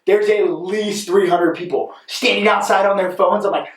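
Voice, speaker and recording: High-voiced young man telling a rambling story. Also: moderate pace, hardly any pauses. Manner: rambling, animated storyteller who keeps saying "right?". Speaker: podcast co-host. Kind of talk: casual storytelling chat. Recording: echoey room, mic at a distance.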